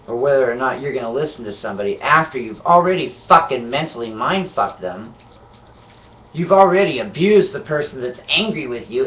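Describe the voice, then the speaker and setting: A man's voice: recorded from a distance, dull audio, slight background noise. Furious swearing man ranting. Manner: heated, swearing constantly, swings from low mutter to shouting. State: sick and nauseated. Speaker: vlogger. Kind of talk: angry profane rant to camera.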